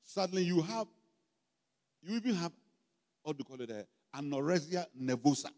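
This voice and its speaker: High, lively Ghanaian pastor preaching. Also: male voice, normal speed. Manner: emphatic, call-and-response questions to the congregation. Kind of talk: sermon. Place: church hall. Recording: long hall reverb, faint music behind.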